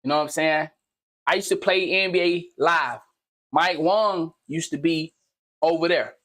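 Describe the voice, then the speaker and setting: A man hosting a gaming channel, delivering a loud, slangy, profane comedic rant that swings into shouting. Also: fairly high pitch, measured pace. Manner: slangy, repetitive, teasing.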